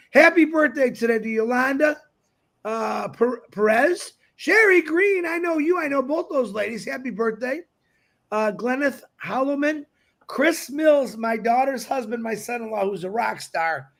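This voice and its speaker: A man's voice: extremely high pitch, fairly bright tone. An older man hosting a livestream, effusive and repetitive, reading birthdays and prayer requests with frequent fillers. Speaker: livestream host.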